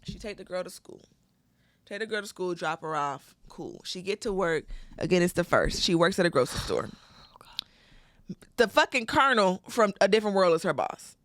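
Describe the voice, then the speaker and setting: On a comedy podcast, a co-host with a lowish voice walks through a movie plot at a normal speed, cursing often and acting out quotes in lively, casual fashion. The audio is studio quality with no room sound.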